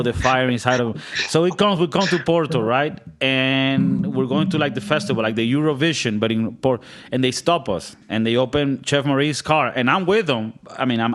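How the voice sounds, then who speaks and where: A man's voice: medium pitch, fairly bright tone. Guy hosting a podcast, rambling and joking around, keeps dropping into silly accents. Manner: jokey, rambling, slips into put-on accents. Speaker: podcast host. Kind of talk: casual chat.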